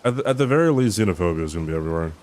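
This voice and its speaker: Low-voiced man rambling to his stream chat. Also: animated, very fast, a little mellow. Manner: rambling and swearing, reads chat and laughs often. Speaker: game streamer. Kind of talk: casual chat with viewers while gaming.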